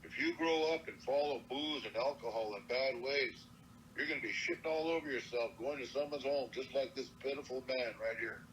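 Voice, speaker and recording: An older man voicing a stern, protective grandmother, raising his pitch and volume as she scolds and gives orders. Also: moderate pace, fairly bright tone, slight background noise, lightly acted, low-quality recording. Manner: scolding, commanding.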